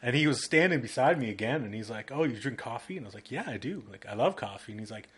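A man's voice: medium pitch, expressive, fast, a bit bright. A man co-hosting a podcast in casual chat, a laid-back storyteller who fills his talk with "like". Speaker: podcast co-host, graphic designer.

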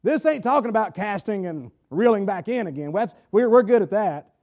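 A man preaches a sermon in church. His voice sits very high for a man. He drawls and stretches his words, then fires questions out at the congregation. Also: animated, moderate pace, darkish tone. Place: church sanctuary.

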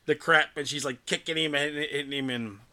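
Male podcast co-host, bright tone, loose animated plot retelling. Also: on the high side, fast talker. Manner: rambling, animated retelling with acted-out quotes. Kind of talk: casual chat recapping a film.

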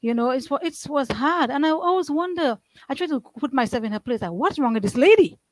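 A woman's voice: sits high, lively intonation, a little fast, no echo, rough recording. A middle-aged woman telling her life story in an earnest, rambling way, with many restarts and loose grammar. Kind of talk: emotional personal testimony.

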